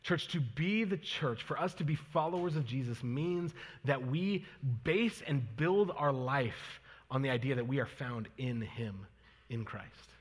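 A man's voice: medium pitch, a little slow. A man in his thirties preaching a sermon and leading prayer, earnest and conversational, with fillers and restarts. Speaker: pastor. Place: church sanctuary. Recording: long reverb of a church hall.

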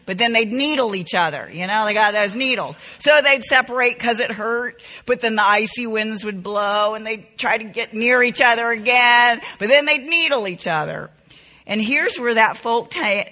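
A woman's voice: mid-range voice, pushed and bright. A middle-aged woman teaching a Bible class to women, earnest and tender, repeating key phrases to drive them home. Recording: reverberant hall.

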